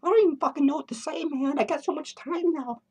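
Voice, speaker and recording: In a comedic character vlog, an unhinged male clown, giddy and tipsy, rambles through swearing, crude tirades in a home studio, his mind drifting manically. He speaks at a quick pace with a darkish tone, his shrill voice pitched well above normal and breaking into cackles.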